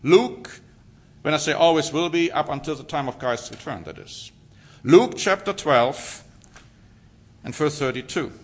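A man's voice: fairly high pitch, animated, a little slow, long pauses, husky. A man preaching a sermon, reading scripture aloud and pressing his points with rhetorical questions and emphatic answers.

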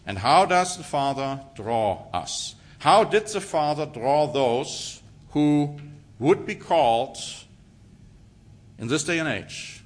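Male preacher, bright, forceful voice, emphatic sermon delivery, rhetorical questions. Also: on the high side, very animated, unhurried. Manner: emphatic, rhetorical questions, reads scripture aloud.

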